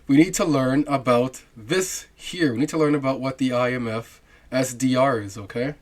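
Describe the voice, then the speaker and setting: A man hosting a crypto channel, musing aloud over on-screen material with rhetorical questions and frequent fillers. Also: medium pitch. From half Jamaican. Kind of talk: casual screen-share commentary.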